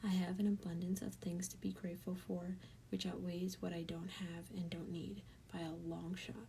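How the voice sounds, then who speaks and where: Young woman doing a bible study talk, soft and earnest, kinda gravelly, slight noise behind. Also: fairly low pitch, little pitch movement, normal speed. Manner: earnest, emotional, often soft and breathy. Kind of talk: casual devotional talk. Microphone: tablet mic.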